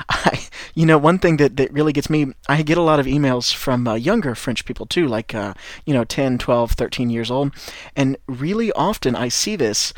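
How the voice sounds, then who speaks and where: A man's voice: mid-range voice, no echo, studio quality. An American man with a Midwestern accent giving an encouraging, rambling podcast lesson to French learners of English. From United States. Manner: encouraging, rambling, with frequent restarts. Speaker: English teacher and podcast host.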